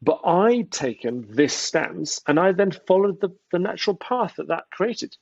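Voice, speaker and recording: Gravelly, husky man telling a story. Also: high voice, a little slow, no echo. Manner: animated storytelling, acts out quoted voices. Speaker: guest entrepreneur. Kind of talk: casual interview chat. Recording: dry, dull lo-fi sound.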